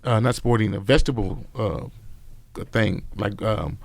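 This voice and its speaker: A man's voice: on the low side, measured pace. A middle-aged man, a podcast guest telling his life story in an emphatic, preachy way. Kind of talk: casual storytelling interview.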